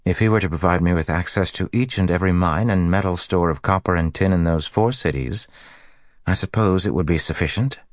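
A man voicing a curt, stern female bomb-maker in an audiobook, speaking in a flat, formal, vaguely hostile way. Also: low voice, a little fast, no room sound, clean studio sound, pitched above the performer's own voice, natural voice. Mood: flat, cold. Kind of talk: audiobook character voice.

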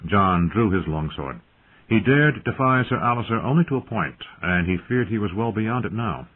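Low, husky male audiobook narrator. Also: expressive, normal speed. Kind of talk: scripted narration. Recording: tinny phone-like audio.

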